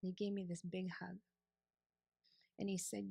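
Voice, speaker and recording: A woman's voice: lowish voice, level tone, normal speed, gravelly, long pauses, mellow, breathy edge, no room sound. A woman telling her personal testimony to a church congregation, candid and conversational, acting out her own past thoughts. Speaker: church member giving testimony.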